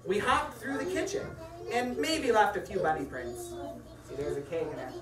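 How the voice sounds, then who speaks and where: Animated woman reading a picture book aloud. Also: medium pitch, normal speed. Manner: animated and playful, chatting to the kids between pages. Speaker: storyteller reading to children. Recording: echoey room from far off. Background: children's chatter.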